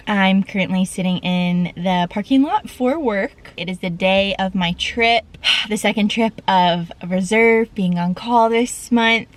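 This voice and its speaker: A young woman talking casually to camera as a flight attendant, chatty and excitable, with lots of "like" and "literally". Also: mid-range voice, measured pace. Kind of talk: casual vlog chat.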